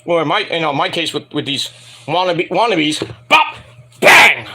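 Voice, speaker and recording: A man's voice: a little high, normal speed, pushed and bright. Profane rambling male wrestling reviewer. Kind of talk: casual solo review commentary.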